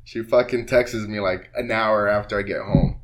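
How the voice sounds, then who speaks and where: A man's voice: on the low side, steady tone, moderate pace. A man telling a rambling, profane story in a casual podcast chat, often laughing as he talks. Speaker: podcast co-host.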